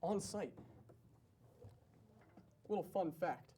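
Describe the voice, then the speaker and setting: A man's voice: sits high, slow pace, warm tone, husky, full character voice. A man playing a boastful oddball shift manager. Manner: boastful, rambling nonsense. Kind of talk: comedy sketch acting.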